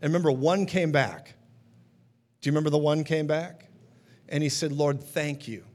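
A man's voice: a little high, normal speed, a little mellow. A man preaching a sermon in a conversational teaching manner, often checking in with his listeners.

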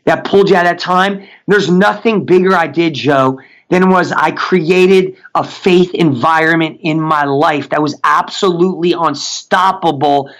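A middle-aged man, a mindset coach, giving a fervent faith-based motivational talk, slowing down to chant affirmations. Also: a little high, fairly bright tone. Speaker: podcast guest, mindset coach.

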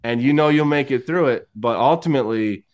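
A man's voice: mid-range voice, brisk. A man in his late thirties telling his faith story candidly, laughing often and acting out the people in his story. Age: 30s. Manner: candid, laughs often, animated quoted voices. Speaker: podcast guest. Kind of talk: casual testimony storytelling.

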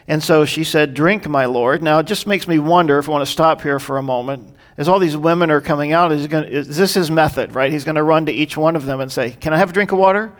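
Earnest pastor teaching through scripture. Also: male voice, fairly high pitch. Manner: earnest, explanatory, acts out quoted prayers. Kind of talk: expository sermon.

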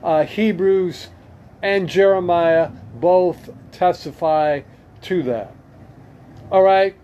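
A man with a fairly high voice teaches scripture at an unhurried, deliberate pace, reading passages aloud and adding his own remarks. The recording is a little muffled and lo-fi. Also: a little mellow. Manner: slow and deliberate, reading verses aloud with comments. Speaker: preacher.

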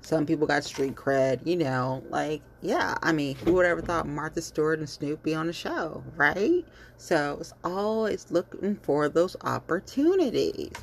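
A woman's voice: sits low, lively intonation, a little slow, creaky, few pauses, slight background noise. A woman ranting bluntly and heatedly in casual commentary, cursing freely and repeating herself with lots of fillers. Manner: fillers and repetitions. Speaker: vlogger.

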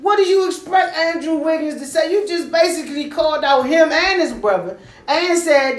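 A woman hosting a casual sports talk show, animated and quick to talk over others, repeating her points. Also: sits high. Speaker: podcast host. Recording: echoey room.

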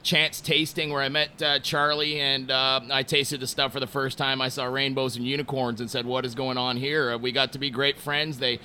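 A man from Montreal, Canada, talking casually about his work at a distillery, telling relaxed stories with lots of fillers. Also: medium pitch, normal speed, hardly any pauses, a little hiss or hum. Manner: relaxed storytelling with many fillers. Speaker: distillery brand representative. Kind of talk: casual interview talk.

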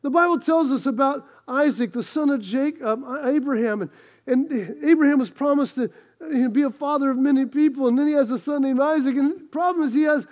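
Brief: high-voiced male preacher, impassioned storytelling sermon. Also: a little fast, a little mellow. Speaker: pastor.

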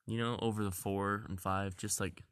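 A man's voice: lowish voice, flat delivery, moderate pace, fairly bright tone, clean tone. A young man in goofy, playful casual chat who laughs a lot. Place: blanket fort.

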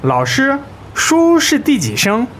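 A speaker playing a student who slowly asks the teacher a question in a recorded lesson dialogue. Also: high voice, wildly swooping pitch, fairly bright tone, slight background noise, full character voice. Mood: curious. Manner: slow, questioning.

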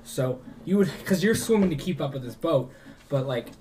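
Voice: medium pitch, animated, normal speed, a crowd in the background. A game master narrating a tabletop game with a rambling, filler-heavy delivery. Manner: rambling, many "like" and "um".

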